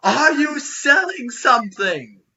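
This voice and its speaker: A man voicing a commanding female orc chieftain, loud, slow and domineering. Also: a little high, big pitch swings, lo-fi sound, heavily acted. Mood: brusque.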